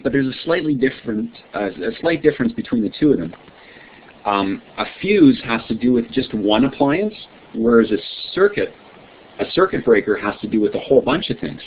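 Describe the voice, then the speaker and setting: A man teaching an online science class, friendly and encouraging, often checking in with his students. His voice sits at an ordinary pitch. It comes through a thin, phone-like line with a soft hiss behind it. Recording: tinny lo-fi line with faint hiss.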